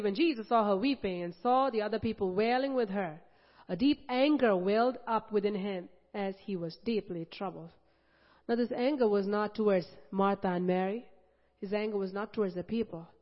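A woman preaching a sermon, impassioned, building to loud, emphatic repetition. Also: mid-range voice. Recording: dull lo-fi audio with long hall reverb.

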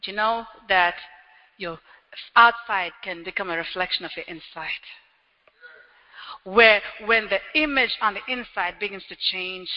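A man preaching a sermon as pastor, animated and acting out everyday scenes with quick little quoted voices. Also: sits high. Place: church hall. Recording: dull lo-fi sound with long hall reverb.

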